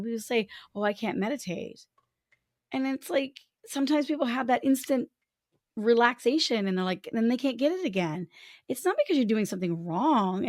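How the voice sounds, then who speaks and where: On a casual podcast, a female co-host speaks frankly in a fairly high voice, giving expressive voice to the thoughts she quotes. The studio-quality recording is dry.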